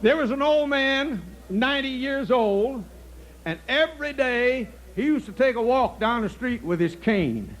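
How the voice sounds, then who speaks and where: Older male comic, high-pitched, folksy storyteller who laughs at his own punchlines. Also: expressive, unhurried, a bit bright, a little hiss or hum. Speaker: comedian. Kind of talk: stand-up comedy monologue. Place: outdoor stage.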